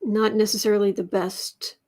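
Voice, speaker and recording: A woman hosting a casual astrology and tarot livestream. She rambles and thinks aloud with many restarts, and coos softly to her cat between points. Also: medium pitch, level tone, moderate pace.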